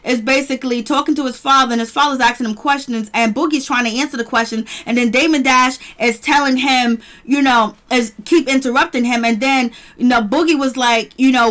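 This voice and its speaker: A woman's voice: fairly high pitch, fairly even intonation, a little fast, few pauses, fairly bright tone. A woman hosting a casual live-chat review stream. She greets viewers by name and laughs often. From near Boston, US. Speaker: livestream host reviewing a reality show.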